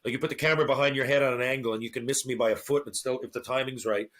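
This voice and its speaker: A man's voice: mid-range voice, very fast. A middle-aged man chatting on a podcast as a guest. He tells a long story with lots of swearing and acts out the lines of the people in it. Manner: animated, profane, acts out quotes. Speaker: podcast guest, former hockey fighter. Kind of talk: casual storytelling chat.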